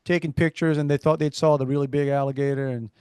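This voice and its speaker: A man's voice: a little high, quick pace, clear, resonant tone, no room sound, studio quality. A middle-aged man with a South Louisiana accent, co-hosting a podcast and telling stories with many restarts. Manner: storytelling, animated, many restarts. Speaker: podcast co-host. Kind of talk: casual chat.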